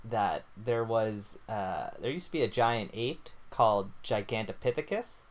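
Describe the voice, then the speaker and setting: A man's voice: on the low side, animated, unhurried. A young man co-hosting a casual podcast, goofy and rambling, laughing often. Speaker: podcast co-host. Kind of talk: casual chat.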